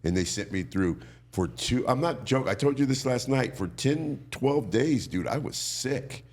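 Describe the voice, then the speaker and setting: A man's voice: medium pitch, normal speed, a little hiss or hum. A middle-aged man telling stories in casual chat as a guest, acting out the voices of the people in them. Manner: animated storyteller who acts out quoted voices. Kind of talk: casual storytelling.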